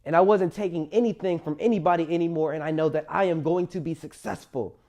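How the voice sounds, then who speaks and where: A man's voice: a little high, quick pace, dark tone. A young man in college tells his own life story to camera in an earnest, emphatic, motivational way. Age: young adult.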